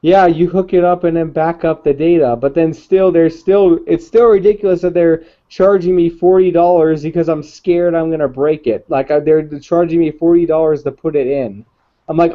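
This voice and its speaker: A man's voice: a little high, steady tone, normal speed. A young man in casual chat who talks hesitantly and repeats himself. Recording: dull lo-fi recording.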